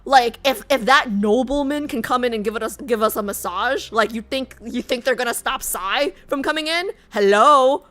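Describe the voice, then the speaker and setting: A woman's voice: on the high side, normal speed, hardly any pauses, a bit bright. A woman streaming herself reading a game story aloud. She reacts in brash, profane, indignant outbursts.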